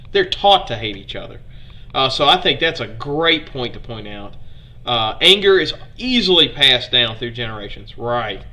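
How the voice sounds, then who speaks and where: A man from Alabama, medium-pitched with a sharp tone and a Southern accent, hosts a casual live history stream. He chats with viewers, asks them questions, and trips over foreign names.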